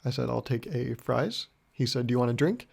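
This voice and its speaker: A young man hosting a solo podcast, telling rambling deadpan stories full of swearing and acting out both sides of a conversation. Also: medium pitch, a little fast, gravelly, husky. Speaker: podcast host. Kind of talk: solo comedic storytelling podcast.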